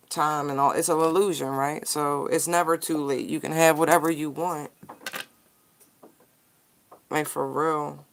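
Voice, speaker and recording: A person giving a casual tarot card reading straight to viewers, animated, slangy and profane. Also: mid-range voice, a little slow, gravelly, pauses often.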